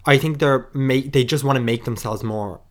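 A man, co-hosting a podcast in quick, joking banter. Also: medium pitch. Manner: chatty, quick interjections and banter. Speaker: podcast co-host. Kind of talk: casual chat.

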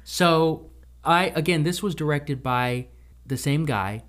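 A man co-hosting a casual film discussion podcast, chatty and retelling scenes with quick impressions. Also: on the high side, a bit bright. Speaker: podcast co-host.

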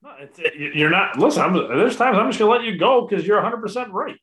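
A man's voice: high voice, expressive, fast talker, a bit bright. A man co-hosting a sports podcast, chatting in an easygoing, agreeable way. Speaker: podcast co-host. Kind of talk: casual sports chat.

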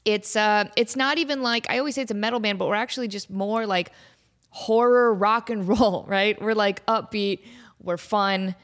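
A young adult woman hosting her podcast, telling stories in a casual, animated, self-mocking way, laughing often. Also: mid-range voice, moderate pace. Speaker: podcast host. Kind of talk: casual storytelling monologue.

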